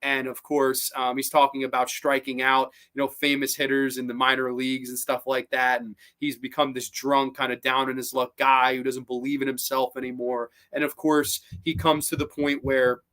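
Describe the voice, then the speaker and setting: A man's voice: medium pitch, normal speed, hardly any pauses. A man hosting a casual live-stream movie chat, rambling and swearing a lot as he gets worked up. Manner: rambling, profane, animated. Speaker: host.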